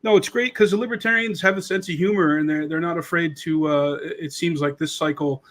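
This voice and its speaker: A man in his thirties hosts a podcast, rambling through casual political commentary with a sarcastic edge and slipping into mocking impressions. His voice is a little high and fairly bright, with fairly even intonation and a fairly quick pace.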